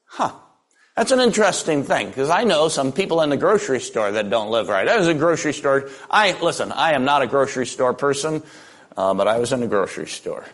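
A man's voice: mid-range voice, animated, a little fast. An older man preaching a sermon, telling folksy stories with dry humor. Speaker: pastor.

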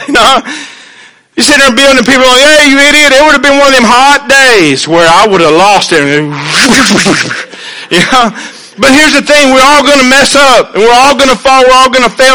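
Guy preaching a sermon, high bright voice, drops soft then gets loud, folksy. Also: rough recording. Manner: earnest, swings between hushed and emphatic; conversational, with folksy asides and chuckles.

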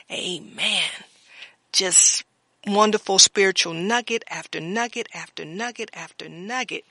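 Preacher type, gravelly and bright-edged, dry close sound, reads verses then adds fervent amens. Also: medium pitch, a little slow, dry recording. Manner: reads scripture aloud with fervent interjections. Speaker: Bible teacher. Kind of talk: Bible study teaching with scripture reading.

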